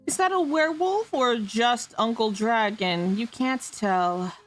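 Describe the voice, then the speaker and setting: Woman streamer goofing through a fantasy role-play, kinda high voice, laughs a lot, faint music playing. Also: measured pace. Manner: giggly, stumbles over made-up names. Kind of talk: playful improvised role-play.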